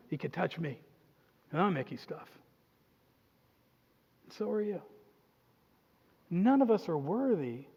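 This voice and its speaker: A high-voiced man preaching in a lively, joking way, slipping into little acted-out voices for the people in his story. His voice rings with the long reverb of a church hall, and the sound is a bit dull and muffled. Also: breathy edge. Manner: animated, jokey preaching with acted-out quotes. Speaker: pastor. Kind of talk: sermon.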